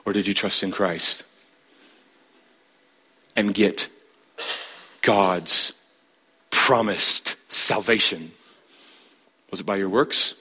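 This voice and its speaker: Emphatic preacher with a bright voice. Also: male voice, extremely slow, pauses often, husky. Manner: emphatic, rising to a high pitch to stress points; questions the listeners directly. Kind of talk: sermon.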